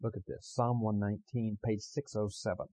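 A man preaching a sermon as pastor, swinging between loud emphatic passages and quiet conversational asides to the congregation. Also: on the low side, flat delivery, normal speed, rough recording.

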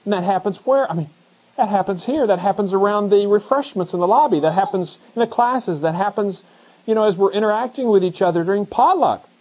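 Middle-aged male pastor, husky voice, chatty sermon delivery, drops low then lifts high. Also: brisk, poor audio. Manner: conversational preaching, swings from hushed to excited.

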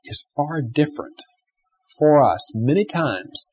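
A man preaching a sermon, swinging between loud emphatic stretches and hushed, quiet asides. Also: a little high, animated, takes it slowly, a little hiss or hum. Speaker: pastor.

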